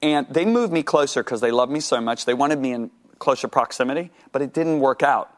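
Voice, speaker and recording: A man tells his faith story as an interview guest, his voice sitting at a middle pitch. He narrates with animation, acting out his dialogue with God and stumbling into repeated words when excited. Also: fairly quick. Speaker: guest sharing his testimony.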